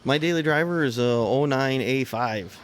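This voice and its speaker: A man's voice: mid-range voice, normal speed, a little hiss or hum. A man from Michigan with a Michigan accent, co-hosting a casual podcast and telling stories in a dry, laid-back way. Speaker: podcast co-host. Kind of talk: casual chat.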